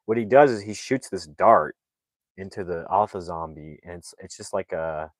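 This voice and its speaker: A man's voice: sits low, moderate pace, no room sound, poor audio. A man recapping a movie plot in a casual, rambling way, full of "like" fillers and restarts. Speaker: movie reviewer.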